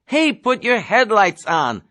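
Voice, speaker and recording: A man voicing a fussy, anxious young male airman who keeps pleading and shouting warnings. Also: fairly high pitch, very animated, normal speed, no echo, clean studio sound. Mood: alarmed. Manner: pleading, increasingly alarmed shouting.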